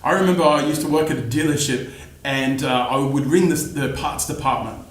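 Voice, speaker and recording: A man teaching phone sales skills with energetic, coaching delivery, standing in his studio. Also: medium pitch, moderate pace, roomy sound. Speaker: sales trainer. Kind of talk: instructional talk to camera.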